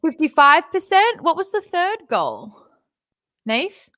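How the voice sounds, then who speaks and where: A woman's voice: very high-pitched, wildly swooping pitch, slow, sharp tone, no room sound, studio quality. A woman hosting a casual charity stream, upbeat and reading out chat comments. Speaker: stream host.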